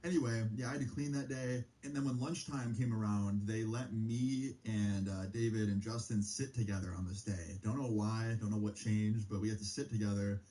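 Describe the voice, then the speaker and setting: Mellow-voiced young man telling a story. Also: steady tone, normal speed, few pauses, poor audio. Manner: loose and profane, many fillers; pitch jumps up on exclamations. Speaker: streamer. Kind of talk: casual storytelling.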